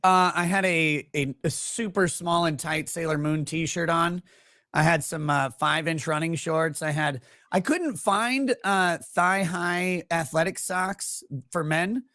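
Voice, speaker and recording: A man's voice: on the high side, slow pace, sharp tone, dry recording, clean studio sound. A man who is a guest on a casual stream chat, laid-back and self-mocking.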